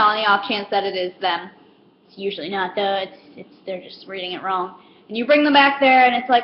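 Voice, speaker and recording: A woman's voice: mid-range voice, quick pace. A young woman in a casual comedic monologue, rambling with lots of fillers and acting out customers. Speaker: comedic vlogger. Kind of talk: casual stand-up style monologue. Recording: roomy, dull lo-fi with faint hiss.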